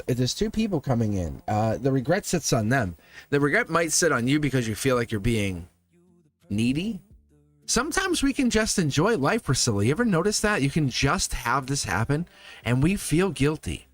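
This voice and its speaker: A man's voice: mid-range voice, sing-song, moderate pace, soft background music. A man giving a live tarot reading to his viewers, talking animatedly, acting out quoted voices and laughing often. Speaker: tarot reader.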